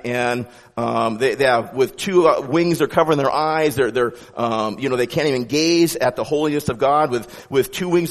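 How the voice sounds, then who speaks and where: A man with a mid-range voice preaches a sermon as pastor, his delivery conversational and animated with frequent restarts, and the audio has a big-room sound.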